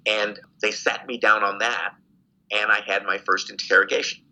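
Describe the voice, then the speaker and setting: An older man with a low, husky, very bright voice tells his story in a relaxed interview. He talks in an animated way and often breaks into laughter. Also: normal speed, rough recording. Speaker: guest, former prisoner of war.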